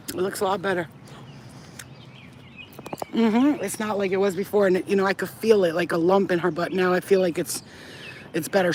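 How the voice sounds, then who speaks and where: A woman chats casually on a home vlog, slipping into cooing baby talk for her animals. She swears offhandedly between the sweet talk. Her voice sits in a middling register, and clear background noise runs under the recording. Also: medium pitch. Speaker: vlogger. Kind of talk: casual vlog chat while caring for pets. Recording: noisy home video with ambient sound.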